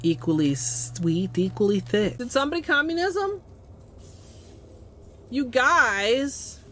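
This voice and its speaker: A woman streaming a video game, chatting casually with goofy jokes, swearing and sudden loud outbursts. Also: a little high, very animated, slow, slight background noise. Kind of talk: casual gameplay commentary.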